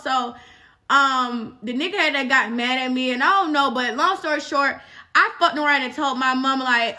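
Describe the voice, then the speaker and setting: A woman's voice: sits high, a little fast, sharp tone. A young woman vlogger telling a story in casual, profane chat, full of fillers.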